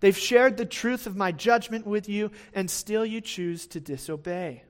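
A man's voice: high voice, a little slow. A man voicing God as an exasperated, disappointed parent scolding a wayward people. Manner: pleading, disappointed.

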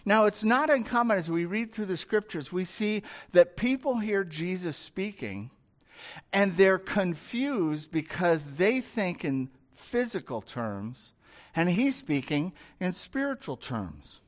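Conversational preacher with a lively pitch. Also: slow. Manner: storytelling, conversational, acts out scenes. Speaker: pastor. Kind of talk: sermon.

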